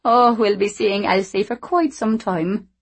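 A woman voicing a lively, teasing young woman who talks in a bright sing-song. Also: mid-range voice, measured pace, slightly rough, pitched above the performer's own voice. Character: lively, cheeky young Scottish woman, playful.

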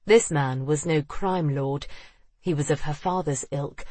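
Audiobook narrator for period romance, slightly husky, dry close recording, expressive read. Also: mid-range voice, a little slow, no echo. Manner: expressive, acting out the characters.

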